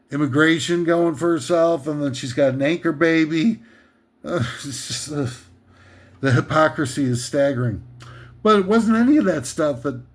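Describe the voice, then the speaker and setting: A man hosting a comedic countdown, ranting sarcastically in a rambling way with many hesitations and fillers. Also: medium pitch. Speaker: comedic list host.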